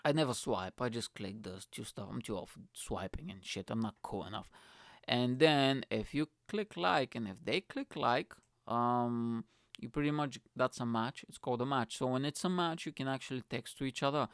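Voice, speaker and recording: A man's voice: medium pitch, moderate pace, dry recording, studio quality. Crude, rambling young man. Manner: crude, swearing, rambling, animated. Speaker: comedian and podcast host. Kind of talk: casual solo podcast rant. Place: alone at home.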